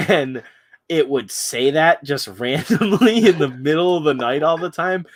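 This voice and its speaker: A man's voice: fairly high pitch, lively intonation, normal speed, slight background noise. Man, casual chat, crude laughing storyteller, stream host.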